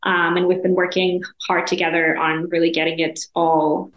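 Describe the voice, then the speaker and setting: A woman's voice: fairly low pitch, level tone, moderate pace, roomy sound, highs cut off. A woman from Israel, a guest at an arts council, chatting casually and laughing often in an interview.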